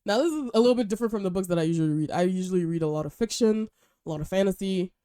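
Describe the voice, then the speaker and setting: A young woman chatting casually and excitedly while reviewing books she has read. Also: mid-range voice, very fast, clear, resonant tone, dry recording, clean studio sound. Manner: gushing, chatty, animated. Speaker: book vlogger and podcast host. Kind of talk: casual book review chat.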